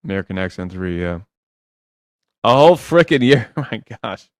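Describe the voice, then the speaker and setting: A man's voice: fairly low pitch, very animated, moderate pace, no room sound, clean studio sound. Blunt, teasing dating coach man. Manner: blunt, teasing, swears freely. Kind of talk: live-stream advice chat.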